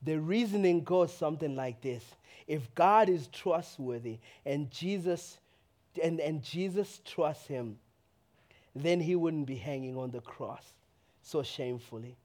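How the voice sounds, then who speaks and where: A man preaching a sermon in a church, swinging from impassioned outcries to quiet, reflective teaching. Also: a little high, a little slow. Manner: impassioned preaching, rising to shouts then quieting. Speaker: pastor.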